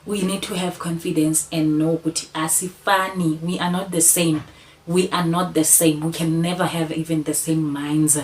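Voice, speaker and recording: A woman's voice: low-pitched, flat delivery, moderate pace, a little hiss or hum, poor audio. A woman giving an earnest, repetitive motivational talk to camera, coaxing the listener again and again. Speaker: channel host.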